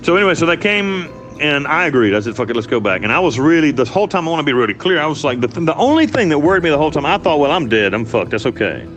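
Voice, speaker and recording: A man's voice: fairly high pitch, big pitch swings, rapid-fire, hardly any pauses, a bit bright, soft background music. A man from the United States telling his story as an interview guest, blunt and profane, rambling with restarts. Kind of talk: candid storytelling.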